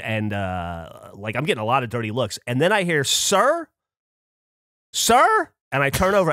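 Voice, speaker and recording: A man on a podcast spinning a story in loose, casual chat, his pitch jumping all over as he gets into it. He swears freely and keeps the energy up. The sound is dry and close, with no room around it. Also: a bit bright, dry recording. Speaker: podcast co-host.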